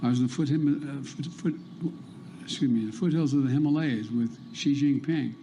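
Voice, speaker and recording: An older man in debate and speech clips, speaking haltingly and tripping over his words. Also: medium pitch, mellow, slight background noise. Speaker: debate candidate.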